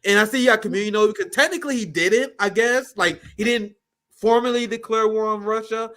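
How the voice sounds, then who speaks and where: A man's voice: high voice, a little fast, bright, forceful tone. A man hosting a live political talk show, blunt and profane, riffing animatedly and handing over to a co-host. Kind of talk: casual political commentary.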